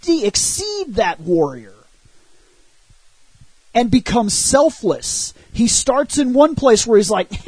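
A man on a podcast, casually and animatedly recounting a movie's plot and arguing for it, with a husky voice and loose swearing. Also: very high-pitched, dry recording, rough recording. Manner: animated retelling with frequent swearing. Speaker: podcast co-host reviewing a film. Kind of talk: casual film discussion.

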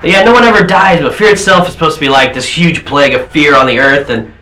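A young man chatting casually and excitedly, rambling and acting out quotes in loud bursts. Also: a little high, fast talker. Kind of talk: casual chat. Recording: echoey room with faint background noise.

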